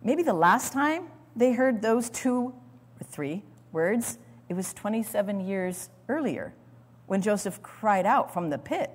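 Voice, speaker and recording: Woman, Bible teacher, dramatic storytelling sermon, mid pitch, long hall reverb. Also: expressive, measured pace, breathy edge. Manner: dramatic storytelling, repeats words.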